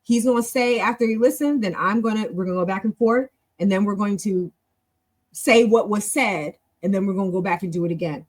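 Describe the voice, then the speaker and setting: A woman's voice: mid-range voice, a little fast. A woman hosting a casual practice session, talking in a chatty, encouraging way that rambles with restarts. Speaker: host leading a language practice session. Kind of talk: casual teaching talk.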